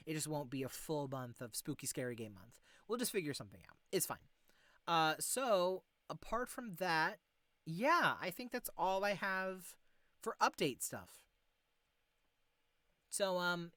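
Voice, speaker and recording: Chatty male streamer, smooth dry voice. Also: fairly high pitch, dry recording. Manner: rambling and filler-heavy, gently encouraging. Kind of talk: casual stream sign-off chat.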